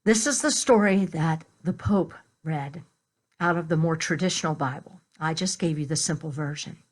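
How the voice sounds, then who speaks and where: Slow, gentle woman minister preaching. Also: sits low. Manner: gentle, slow storytelling with conversational asides. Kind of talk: sermon.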